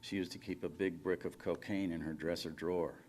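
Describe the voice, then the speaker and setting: A man's voice: deep voice, fairly even intonation, fairly quick, darkish tone, a little hiss or hum, close to an everyday voice. A man reading fiction aloud, voicing a lonely middle-aged man who rambles and apologizes on a phone call. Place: conference reading room.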